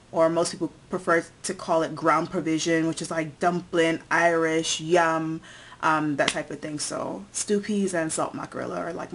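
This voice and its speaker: A young US-born vlogger chats casually in a tag video, listing things one by one with lots of fillers. Her voice is fairly low and fairly bright, with slight background noise.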